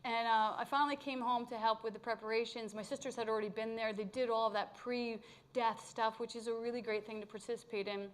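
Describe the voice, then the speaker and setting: Middle-aged woman, fairly high voice, spiritual speaker; candid, animated storytelling with blunt humor for a live congregation. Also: brisk. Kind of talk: personal storytelling talk to a congregation. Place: live talk at a spiritual community gathering.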